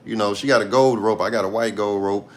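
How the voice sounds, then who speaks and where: During a casual livestream rant, a streamer in his thirties swears freely and bluntly, hammering points home by saying them again. He speaks briskly in a lowish voice with fairly even intonation.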